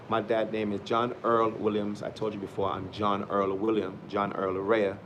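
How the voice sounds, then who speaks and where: A middle-aged man vlogging in a casual, rambling way, swinging from loud preachy bursts to quiet, mumbled reflection. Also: on the low side, little pitch movement, normal speed, few pauses, a little hiss or hum.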